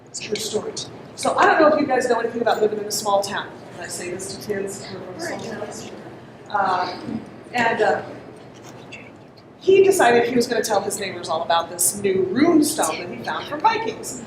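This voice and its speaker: A woman's voice: a little high, expressive, normal speed. Chatty woman presenter, echoey room. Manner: chatty, asks the audience questions, laughs often. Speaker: conference presenter. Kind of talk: interactive storytelling talk to an audience. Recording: echoey room, distant mic, noisy.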